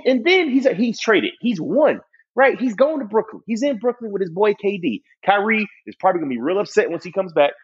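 A man's voice: medium pitch, breathy edge. A man in a casual sports chat, ranting heatedly and profanely and mocking people with quoted voices. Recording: dull lo-fi recording.

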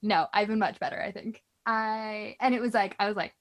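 A woman's voice: mid-range voice, fairly even intonation, fairly quick, hardly any pauses. A woman co-hosting a casual podcast about knitting, chatty and self-deprecating, often laughing. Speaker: podcast co-host. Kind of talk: casual chat.

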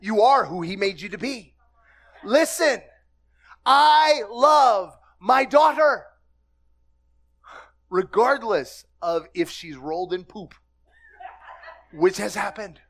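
A man preaching a sermon to a congregation, lively and humorous, breaking into laughter and shouted exclamations while asking questions of his listeners. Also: high-pitched, takes it slowly, long pauses. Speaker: pastor.

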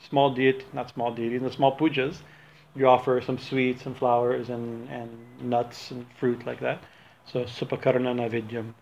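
With a darkish tone at medium pitch, this man delivers an informal religious talk, rambling, correcting himself, and laughing often. He's a religious teacher, heard over slight background noise on a dull lo-fi recording.

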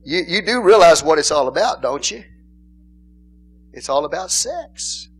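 A middle-aged male pastor, preaching in a joking, animated way and calling out to the congregation. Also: fairly high pitch, a little slow, slight background noise. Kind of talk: sermon.

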